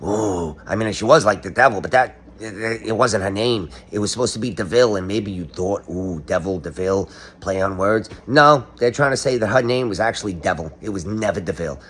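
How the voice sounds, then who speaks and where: A man's voice: fairly low pitch, a little fast, few pauses, fairly bright tone, husky. A middle-aged man giving a sarcastic, ranting comedic monologue, now and then breaking into sung or quoted lines. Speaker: online commentator. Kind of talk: casual comedic monologue to camera.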